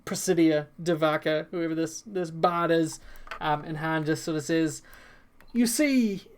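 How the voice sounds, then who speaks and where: Brief: female GM, deep for a woman, loose rambling narration. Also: little pitch movement, normal speed. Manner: rambling, many fillers and self-corrections. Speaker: game master. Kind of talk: narrating a tabletop game.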